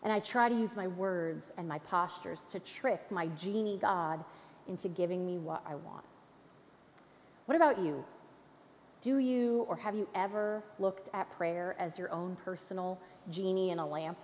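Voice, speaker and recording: A woman's voice: fairly low pitch, unhurried, darkish tone, a little hiss or hum. Young woman, guest preacher, playful conversational sermon, long hall reverb. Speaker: guest speaker.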